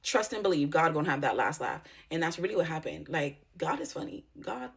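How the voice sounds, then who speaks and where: A woman's voice: low-pitched, lively intonation, brisk. A woman YouTuber telling a personal story in a casual vlog, blunt and heavy on profanity.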